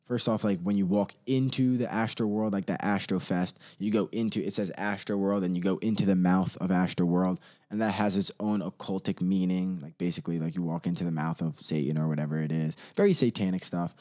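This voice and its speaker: A man ranting casually on his own, rambling and profane, laughing often and quickly mimicking others. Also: sits low, fairly even intonation, dark tone. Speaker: solo commentator.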